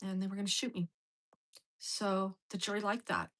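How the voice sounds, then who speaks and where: Woman, middle-aged, bright forceful tone, blunt, profane, casual monologue. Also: medium pitch, flat delivery, a little slow, pauses often, poor audio. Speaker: host.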